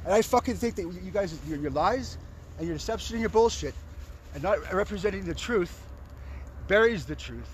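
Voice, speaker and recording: A high-voiced man rants furiously, stammering over his words and erupting into profane shouts. He is recorded outdoors on a noisy line, with traffic audible behind him. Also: animated, fast talker. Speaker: homeless encampment resident. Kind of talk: angry recorded voice message.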